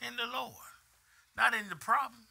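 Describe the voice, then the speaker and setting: An older man preaching a lively, colloquial sermon in a church, calling out to the congregation and repeating phrases for emphasis. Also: very high voice, moderate pace, vocal fry. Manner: animated preaching with call-and-response. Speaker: pastor. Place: church sanctuary.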